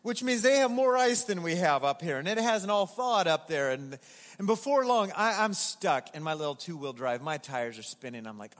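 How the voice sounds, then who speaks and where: A man preaching a sermon to his congregation, animated and emphatic, inviting them to respond aloud. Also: high voice, fairly quick, big-room sound. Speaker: pastor. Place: church sanctuary.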